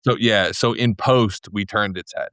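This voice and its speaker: A man in his forties, a filmmaker guest in a casual interview, telling stories in an animated way full of "like" fillers. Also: lowish voice, moderate pace, no room sound, studio quality. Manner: animated storyteller, heavy "like" fillers.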